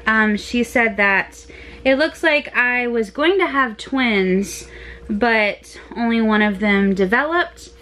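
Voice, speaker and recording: A woman's voice: a little high, takes it slowly, bright, forceful tone. A young woman filming her family at home, giggling often and cooing baby talk at her toddler son. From United States. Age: young adult. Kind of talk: home video chat with a toddler.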